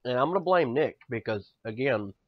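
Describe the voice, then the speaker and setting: A man's voice: medium pitch, lively intonation, fairly quick, no room sound. A man in his thirties co-hosting a casual comedy podcast, loose and profane, swinging between mock boasting and joking gloom. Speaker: podcast co-host. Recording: dull, lo-fi, dry podcast audio.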